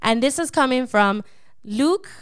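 A woman's voice: high-pitched, expressive, measured pace, clean tone, no room sound, studio quality. A woman co-hosting a devotional Bible podcast, teaching in an emphatic, preacherly way and often checking in with the listener. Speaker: podcast co-host.

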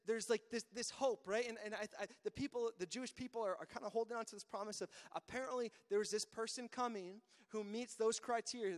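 Casting note: a man with a high voice, giving a relaxed conversational sermon with a long reverb tail, restarting phrases often. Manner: conversational, repeats words when starting a thought. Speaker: pastor. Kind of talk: casual sermon.

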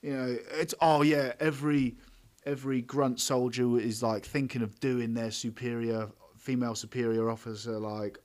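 A man's voice: mid-range voice, steady tone, measured pace. A man hosting a podcast, reviewing a film in a blunt, sweary, scathing way and laughing often as his co-hosts interrupt. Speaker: podcast host. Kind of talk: casual film review chat.

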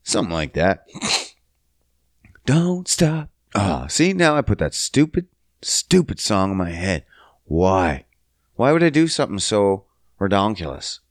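A young adult man from Canada hosting a solo comedy podcast, profane and sing-song, jumping up high for silly bits. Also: sing-song, measured pace, dry recording, clean studio sound. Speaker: podcast host.

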